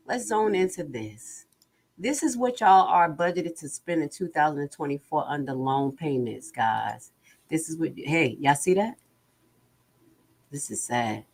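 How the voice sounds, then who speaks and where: A woman hosting a casual livestream, bluntly and exasperatedly going over budget figures and reading out viewer comments. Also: sits low. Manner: blunt, exasperated, reads chat aloud. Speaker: livestream host.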